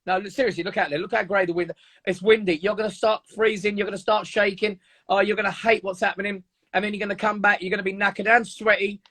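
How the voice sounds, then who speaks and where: A man's voice: sits high, little pitch movement, quick pace, bright, forceful tone. A man voicing his own lazy inner voice as a whiny, coaxing male figure.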